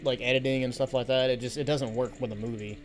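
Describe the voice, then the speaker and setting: A man's voice: medium pitch, fairly even intonation, fast talker. A man streaming a game with friends, giving rambling, opinionated movie talk in a casual chat. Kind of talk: casual chat while gaming. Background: game music.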